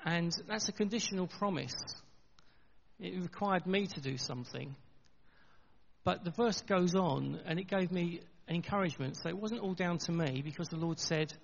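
Man, middle-aged, pastor giving a sermon; gravelly, earnest, chatty with restarts, reverberant church, dull lo-fi sound. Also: high-pitched. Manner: earnest, conversational with halting restarts. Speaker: preacher.

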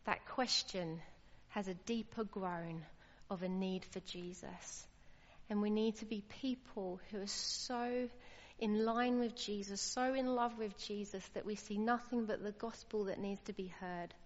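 A woman's voice: mid-range voice, fairly even intonation, a little slow. A woman preaching a sermon, earnest and emphatic, her voice rising when she stresses a point. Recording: lo-fi with long hall reverb.

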